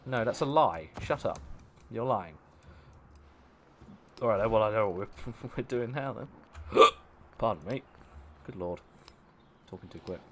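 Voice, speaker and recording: A man's voice: mid-range voice, slight background noise. A man hosting a live game stream, chatting casually with viewers, joking and laughing often. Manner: chatty and playful, laughing often, mock-outraged outbursts. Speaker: livestream host. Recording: faint music behind.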